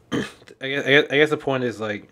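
A young man talking candidly in a personal vlog, weary and emotional, speaking haltingly with sighs and repeated restarts. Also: mid-range voice, sharp tone. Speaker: fan dub director and content creator.

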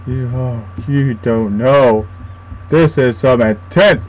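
A man's voice: medium pitch, slow pace, slight background noise, rough recording. A young man commentating a horror game as he plays, frightened, swearing and talking to himself. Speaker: gaming YouTuber.

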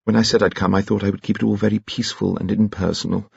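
A man voicing a shaken, tender young woman painter, reading her lines softly in a raised register. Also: lowish voice, flat delivery, quick pace, vocal fry, slightly rough, no echo, highs cut off, pitched above the performer's own voice, full character voice. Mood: anxious, tender.

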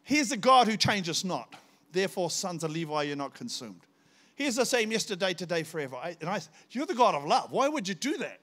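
An older man preaches to a church congregation, his voice sitting a little high for a man. He tells his stories with energy, breaking into sudden shouts as he acts out what was said. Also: fast. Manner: storytelling, animated, bursts into shouts when acting out scenes. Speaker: visiting pastor. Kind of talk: sermon.

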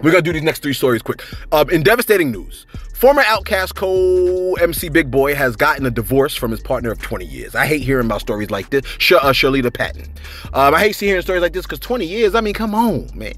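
A man's voice: fairly high pitch, animated, quick pace, a bit bright. A man hosting celebrity gossip in a casual, chatty way. He rambles, reads out viewer comments and keeps asking "you know what I'm saying".

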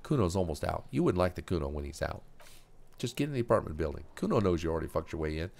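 A man's voice: low voice, very animated, fast, creaky, a little mellow, exaggerated voice. A man voicing a foul-mouthed, volatile teenage boy drug dealer who talks about himself in the third person, with a strained, worn voice. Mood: boastful.

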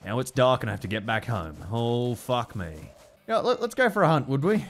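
A young Australian man giving excitable, foul-mouthed let's play commentary. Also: mid-range voice, normal speed. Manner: excitable, swears a lot, laughs often. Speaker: gaming YouTuber.

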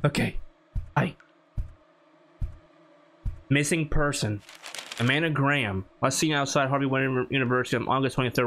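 A man playing a horror game and commenting as he goes, talking to himself and jumping to high squeals when scared. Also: pushed and bright. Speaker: gaming YouTuber.

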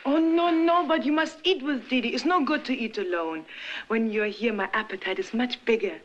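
A woman's voice: on the high side, normal speed, natural voice. Flirty French actress, as a woman plays her. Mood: flirtatious. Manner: flirtatious, coaxing, breathless. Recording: dull 1960s film soundtrack, faint hiss.

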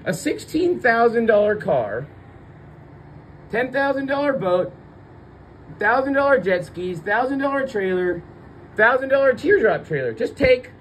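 A man's voice: extremely high pitch, very animated, a little slow, long pauses, a little hiss or hum, low-quality recording. A man ranting angrily and swearing while filming outdoors at his home on a handheld phone, his voice leaping up in outrage and disbelief. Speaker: vlogger filming his vehicles being towed. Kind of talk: angry filmed rant.

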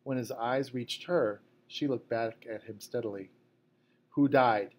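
A man reading a novel aloud at a measured, fairly quiet pace. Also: mid-range voice, fairly even intonation. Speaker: audiobook narrator. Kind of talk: scripted narration.

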